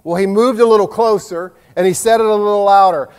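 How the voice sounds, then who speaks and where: A man's voice: sits high, steady tone, brisk, darkish tone, clear, resonant tone. A man, preaching a sermon in a folksy, self-deprecating way with jokes. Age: 50s. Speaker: pastor. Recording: long hall reverb.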